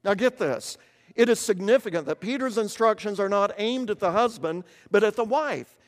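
A man's voice: high voice, lively intonation, normal speed, in a large hall. An older man from eastern Kentucky preaching a sermon, explaining scripture earnestly and often repeating words as he restarts.

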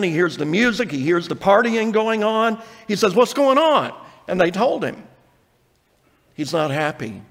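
Male pastor, high voice, earnest sermon with scripture reading, reverberant church. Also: a bit bright. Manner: earnest preaching, reads scripture aloud, acts out quotes.

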